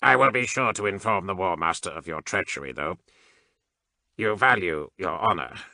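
Man doing a very low, sharp-edged, emotionless machine priest: slow, precise, unhurried. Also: animated, creaky, no room sound, heavily acted. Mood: cold. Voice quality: mechanized, emotionless. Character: cold mechanical cyborg male adept, calm and unfeeling.

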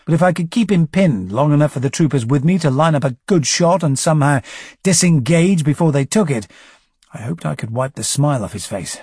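A man's voice: mid-range voice, darkish tone, slightly rough, no echo. A man narrating a first-person audiobook story with wry, dry understatement.

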